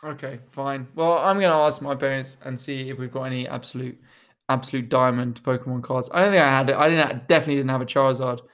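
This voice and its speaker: A man's voice: medium pitch, steady tone, fast talker, a bit bright. Young guy on a podcast, jokey, swears a lot, does little voices for stories. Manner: joking, swearing, acts out quotes. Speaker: podcast co-host. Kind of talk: casual chat.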